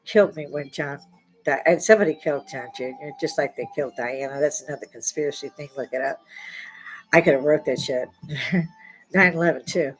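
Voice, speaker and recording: A woman's voice: lowish voice, normal speed, soft background music, low-quality recording. A woman in her sixties from the United States, delivering a blunt, profane, riled-up opinion monologue with sudden outbursts. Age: 60s. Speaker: vlogger.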